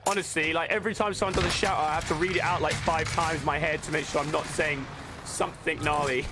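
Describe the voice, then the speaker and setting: Excitable high-voiced man streaming a game. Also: fast talker, music in the background. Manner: excitable, profane banter with chat. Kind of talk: live gameplay commentary. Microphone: desk microphone. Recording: noisy stream audio with clicks.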